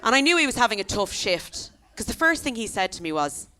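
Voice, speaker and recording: A woman's voice: a little high, very animated, fairly quick, bright, forceful tone, slight background noise. A young Irish woman performing a stand-up comedy set, telling stories in a chatty way with lots of tag questions. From Ireland. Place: comedy venue stage.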